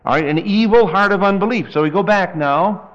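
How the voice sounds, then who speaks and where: A man preaching a verse-by-verse Bible study with dry, folksy humor, reading scripture slowly. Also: sits high. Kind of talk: verse-by-verse Bible teaching sermon. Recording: dull lo-fi tape recording.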